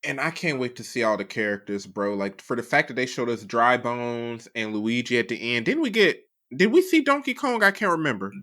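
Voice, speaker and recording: Animated man who keeps saying "bro". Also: medium pitch, fairly quick, hardly any pauses. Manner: animated, emphatic, says "bro" a lot. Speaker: podcast co-host. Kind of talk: casual chat reviewing movie trailers.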